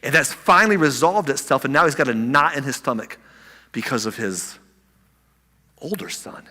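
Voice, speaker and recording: A man preaching a sermon as pastor, animated, acting out the people in the story with big swings in loudness. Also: mid-range voice, normal speed, long reverb tail.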